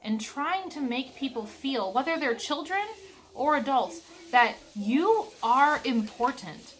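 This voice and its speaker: A woman talking earnestly to her camera in a reflective vlog, stressing words by slowing down. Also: high voice, expressive, a bit bright. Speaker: vlogger.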